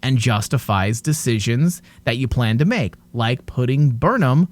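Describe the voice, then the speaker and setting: A man's voice: mid-range voice, expressive, unhurried. A man co-hosting a casual TV review podcast, ranting in exasperation and swearing now and then. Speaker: podcast co-host.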